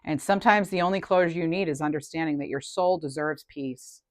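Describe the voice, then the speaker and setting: A woman's voice: low-pitched, brisk, no room sound. A woman giving a casual collective tarot reading, chatty and thinking aloud, often trailing off and restarting. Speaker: tarot reader.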